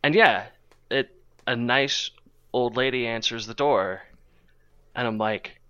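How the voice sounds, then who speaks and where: Bright-voiced rambling man on a podcast. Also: medium pitch, fairly even intonation, measured pace, pauses often, clean tone, no echo, dull audio. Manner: rambling, self-interrupting anecdote teller. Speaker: podcast co-host. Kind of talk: casual storytelling chat.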